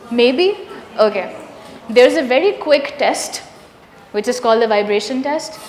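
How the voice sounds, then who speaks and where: A woman runs a teacher workshop, sounding out each sound patiently and quizzing the room. Her voice sits a little high. The recording rings with the echo of a big hall, with faint ambience underneath. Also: slight background noise. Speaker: workshop trainer. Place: large echoey hall.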